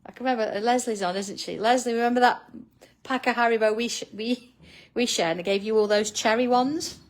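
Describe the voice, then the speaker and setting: A woman's voice: on the high side, fairly quick. A middle-aged woman hosting a live drawing tutorial, chatting casually with viewers by name and laughing often. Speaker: art tutorial host.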